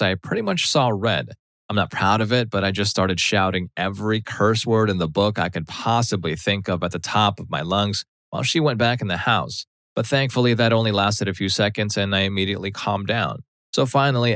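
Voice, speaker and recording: A man narrating a Reddit story aloud in a plain, steady telling. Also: low-pitched, no room sound.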